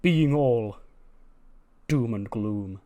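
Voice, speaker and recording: Grandiose wrestler man, slow and formal, as a narrator puts him on. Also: mid-range voice, mellow. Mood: grandiloquent. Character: grandiose, wordy male wrestler.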